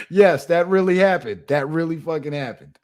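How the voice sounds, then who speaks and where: A young adult man hosting his channel, telling a funny story in a casual monologue, animated and profane, with laughs. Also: on the high side. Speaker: channel host.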